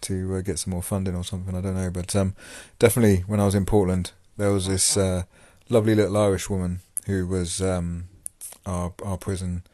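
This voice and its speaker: A man's voice: low-pitched, little pitch movement, brisk, hardly any pauses, mellow, dry recording, clean studio sound. A man hosting a podcast, talking casually about his time in prison, rambling with many fillers and restarts. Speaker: podcast host and former prisoner. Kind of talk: casual monologue.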